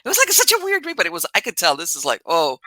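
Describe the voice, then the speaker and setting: A woman podcast host telling a story in a casual, animated way, laughing as she talks. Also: a little high, racing, no room sound.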